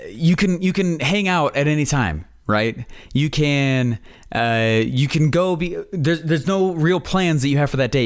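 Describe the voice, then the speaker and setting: A man hosting a podcast, telling stories in a rambling, opinionated, casual way. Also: mid-range voice. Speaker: podcast host.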